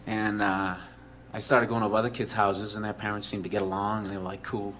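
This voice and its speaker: A man's voice: fairly low pitch, little pitch movement, a little fast, fairly bright tone, a little hiss or hum. A man telling a comedic personal story in a rambling, profane way, full of "like" and "you know".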